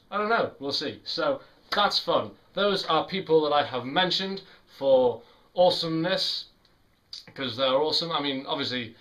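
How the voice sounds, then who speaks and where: A man's voice: mid-range voice, a bit bright. A young man from the United Kingdom talking casually and rambling cheerfully in a vlog about his song and friends. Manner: chatty, upbeat, rambling with self-corrections. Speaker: vlogger and songwriter.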